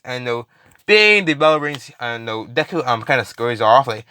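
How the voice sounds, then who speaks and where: A man's voice: medium pitch, lively intonation, moderate pace, sharp tone, clean tone, dry recording, clean studio sound. Rambling man telling a fan story. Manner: rambling, with many fillers, restarts and swearing. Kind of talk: casual retelling of a fan story.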